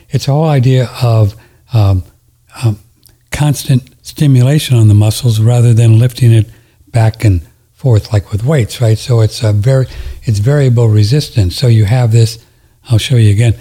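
Husky, mellow-voiced male radio host. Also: mid-range voice, normal speed, long pauses. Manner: rambling, demonstrating exercises while talking. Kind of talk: casual talk radio chat.

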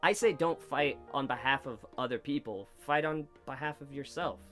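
A man's voice: mid-range voice, normal speed, faint music behind. Rambling, swearing man chatting. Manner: rambling, swears often, animated quoting. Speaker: podcast host, comedian. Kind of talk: casual chat. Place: basement studio.

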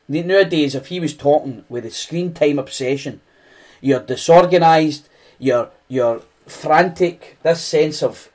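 A Scottish man preaches in an earnest, conversational way, often circling back and restarting his phrases. His pace is unhurried and his voice sits a bit higher than most men's. It has the loose, spoken feel of a sermon to a small group. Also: a little mellow.

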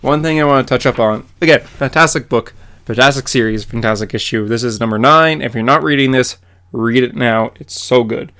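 A man's voice: mid-range voice, a little fast, clear, resonant tone. A young man co-hosting a podcast, chatting casually and animatedly, with lots of fillers. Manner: animated, filler-heavy comic recaps. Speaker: podcast co-host. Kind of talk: casual chat.

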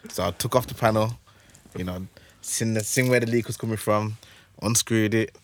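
A man's voice: lowish voice, steady tone, moderate pace, a little hiss or hum. A man, co-hosting a podcast and telling loose, slangy stories with frequent laughter. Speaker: podcast co-host. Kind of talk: casual banter.

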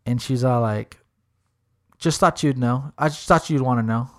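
A man's voice: mid-range voice, moderate pace. A young man telling a funny story in casual chat, swearing freely and acting out the voices of the people he quotes.

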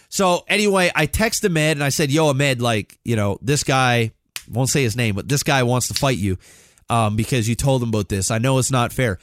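A man in his thirties telling a story on a podcast, animated and full of swearing. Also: medium pitch, moderate pace, no room sound, studio quality. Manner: animated, swears a lot, acts out quotes. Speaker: podcast co-host. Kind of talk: casual storytelling.

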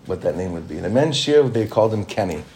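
A man's voice: sits low, lively intonation, fast, darkish tone, slight background noise. A man teaching an informal Torah class as a rabbi. He talks conversationally, repeats phrases for emphasis and chuckles often.

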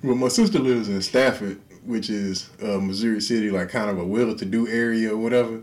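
A man's voice: on the low side, steady tone, fairly quick, a little mellow. A man, hosting a podcast and telling profane stories in a casual chat, laughing often. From Houston, Texas. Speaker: podcast host.

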